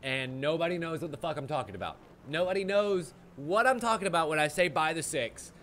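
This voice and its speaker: A man commentating a live game stream, excitable and gushing, with frequent swearing. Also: on the high side, fairly quick, a little hiss or hum. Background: game music.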